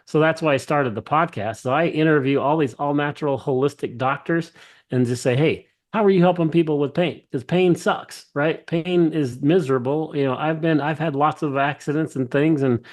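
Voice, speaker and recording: A man's voice: fairly high pitch, moderate pace. Enthusiastic male CEO telling his story. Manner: enthusiastic, acts out quoted dialogue, frequent restarts. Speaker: company CEO, podcast guest. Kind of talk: casual interview storytelling.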